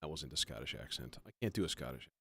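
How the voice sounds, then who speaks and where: A man's voice: rumbling low, animated, fast talker, fairly bright tone, breathy edge. A man hosting a livestream, chatting casually and rambling as he works, often swearing and poking fun at himself. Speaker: livestream host building a modular synth. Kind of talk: casual livestream chat while working.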